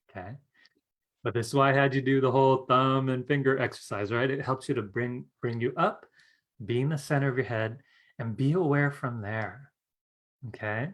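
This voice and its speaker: A man's voice: mid-range voice, a bit bright. A man teaching a live-streamed class on psychic skills, chatty and earnest, often asking "right?" and laughing. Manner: chatty, fills with "you guys" and "right?".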